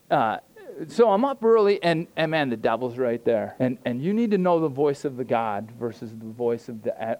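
A man's voice: mid-range voice, darkish tone. A middle-aged man preaching an informal sermon, conversational and self-deprecating, with frequent restarts and fillers. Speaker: pastor.

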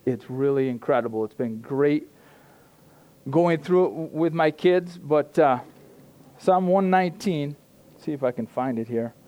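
A man's voice: on the high side, a little mellow. A middle-aged man preaching an informal sermon, conversational and self-deprecating, with frequent restarts and fillers. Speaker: pastor.

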